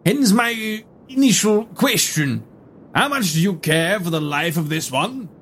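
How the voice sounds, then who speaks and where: A man playing a pompous, formal gentleman adventurer in a tabletop role-play game. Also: high-pitched, animated, measured pace, slight background noise, pitched above the performer's own voice. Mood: menacing. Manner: pompous, formal old-fashioned diction.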